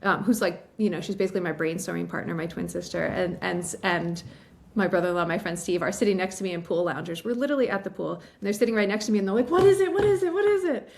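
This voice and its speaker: Chatty author lady from western mass, lots of likes and laughs, kinda gravelly voice, a bit teary. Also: lowish voice, steady tone, quick pace. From western Massachusetts. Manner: chatty, filler-heavy, laughs often. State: emotional, teary. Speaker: novelist guest. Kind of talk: casual storytelling interview.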